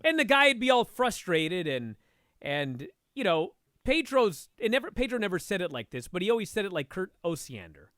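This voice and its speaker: A man talking as a guest and instructor, telling a story in a casual, animated way and swearing freely. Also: sits high, normal speed, dry recording, studio quality. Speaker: podcast guest, martial arts instructor.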